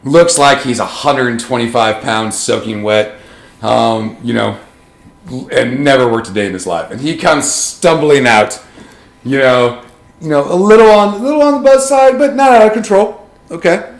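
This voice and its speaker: A man's voice: medium pitch, normal speed, reverberant. Man game master, casual and rambling. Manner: casual, rambling, lots of filler. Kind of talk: narrating a tabletop game.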